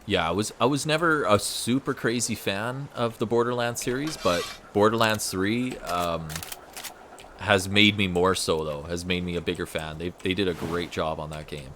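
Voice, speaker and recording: A gaming streamer with a deep voice and fairly bright tone talks casually at normal speed while he plays, laid-back, thinking out loud and often repeating words. He uses a USB desk microphone, with game music under his voice and a little hiss or hum.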